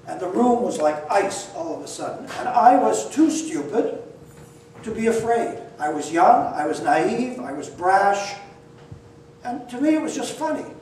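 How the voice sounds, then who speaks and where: An older man telling a personal story in an animated, self-deprecating way, acting out the dialogue himself. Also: high voice, a little slow. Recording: echoey room, distant mic, faint noise.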